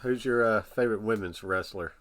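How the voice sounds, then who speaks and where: A man chats through a live watch-along in a low, relaxed voice. He rambles casually, circling back with loose filler phrases. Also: a little fast. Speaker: live stream reaction host. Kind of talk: casual reaction commentary.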